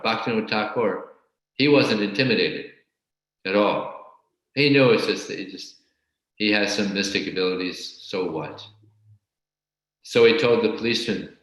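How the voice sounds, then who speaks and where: A man teaching a scripture class and telling a story in a halting way, often repeating words. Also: lowish voice, fairly bright tone. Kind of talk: storytelling religious lecture. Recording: very echoey room.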